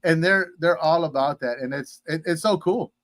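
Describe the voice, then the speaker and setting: Man from Texas, interview guest, rambling, filler-heavy, slightly high voice, dry sound. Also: moderate pace, a bit bright, no echo. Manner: rambling storyteller with many fillers and playful asides. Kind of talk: casual interview chat. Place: at home in Houston.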